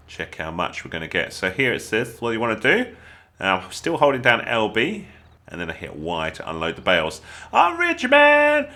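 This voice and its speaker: Animated English man, bright voice. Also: lowish voice. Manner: chatty, jokey, talks straight to viewers. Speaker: gaming channel host. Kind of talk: gameplay tutorial commentary.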